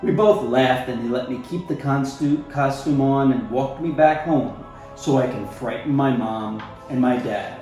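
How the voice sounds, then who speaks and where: A man reading a storybook aloud in an expressive, playful way, talking to the listener now and then. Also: medium pitch, a little slow, hardly any pauses. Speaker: storybook reader. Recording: very echoey room, faint music.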